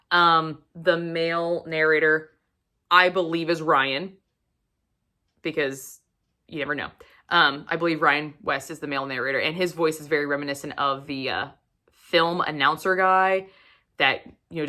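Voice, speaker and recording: Bright-voiced gushing woman book vlogger. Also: deep voice. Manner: gushing and animated, with frequent swearing. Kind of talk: casual book review chat.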